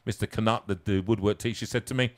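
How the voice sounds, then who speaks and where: A man reading his own comic story aloud, theatrical and self-mocking, moving from hushed asides to loud peaks. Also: fairly low pitch, fairly even intonation, quick pace.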